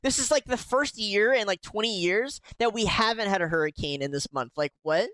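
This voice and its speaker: A man's voice: sits high, fairly quick, sharp tone, dry recording. A man from Florida co-hosting a podcast, bantering loosely and swearing as he jokes. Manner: loose, profane, joking. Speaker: podcast co-host. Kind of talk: casual banter.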